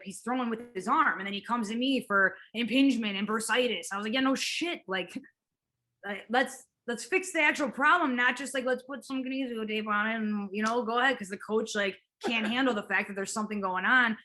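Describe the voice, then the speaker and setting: A woman in her thirties talks as a guest on an interview show. She tells stories with lively energy and plays out what her patients said. Her voice is bright and sits a little high. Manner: animated storyteller, acts out quotes, laughs often, swears casually. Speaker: physical therapist guest. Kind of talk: casual interview chat.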